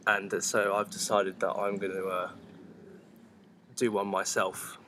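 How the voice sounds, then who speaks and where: A man's voice: deep voice, flat delivery, unhurried, fairly bright tone, slight background noise. A man, a podcast co-host, chatting casually in a hesitant, self-mocking way. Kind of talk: casual chat.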